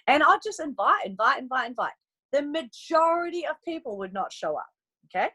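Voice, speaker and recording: A woman's voice: high voice, a little fast, poor audio. A young adult woman giving a casual, upbeat training talk to her sales team, acting out chats with prospects as she goes. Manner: bubbly and animated, acts out chats with prospects in upbeat voices. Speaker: network marketing coach on a team training call.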